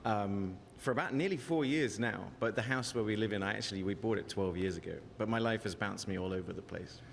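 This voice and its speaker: A man's voice: lowish voice, gravelly. Joking Englishman on a reverberant stage. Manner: joking, self-deprecating, quick-talking. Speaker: guest. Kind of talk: casual on-stage interview. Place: outdoor backyard bar stage. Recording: long reverb, faint noise.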